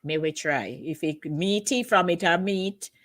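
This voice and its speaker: A woman's voice: lowish voice, unhurried, a bit bright. A woman with a Jamaican accent hosting a casual radio chat, reading listener messages in an easygoing way. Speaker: host reading listener comments.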